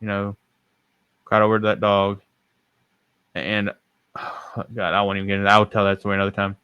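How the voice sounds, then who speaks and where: A man's voice: fairly low pitch, completely flat delivery, normal speed, clean tone, no echo, muffled recording. A young man hosting a podcast, telling a personal story in a rambling, self-correcting way. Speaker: podcast host. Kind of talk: casual storytelling.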